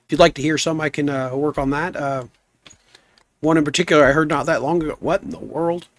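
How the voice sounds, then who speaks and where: A man streaming a game live, chatting in an easygoing, rambling way and reading his chat aloud, with a rough voice. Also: a little high, steady tone, fairly quick, no room sound. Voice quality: rough, gnarly voice.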